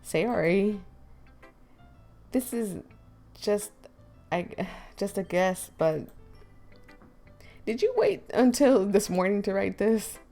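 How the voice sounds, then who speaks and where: A woman's voice: slow pace, vocal fry, long pauses, soft background music. A woman doing a dry, awkward teen boy. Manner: lowered, dry and flat. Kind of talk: voice acting a visual novel.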